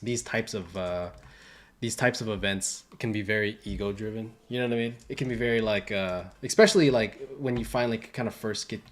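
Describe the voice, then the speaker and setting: On a livestream, a young man who hosts and works as an entertainment designer rambles casually, full of fillers and restarts. He speaks a little fast in a fairly low voice.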